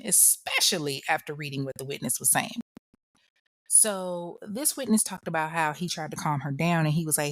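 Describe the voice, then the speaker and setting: A woman's voice: sits low, moderate pace, a bit bright, dry recording. A woman hosting a podcast, telling a true crime story in a chatty, slangy way and talking straight to the listener. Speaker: podcast host.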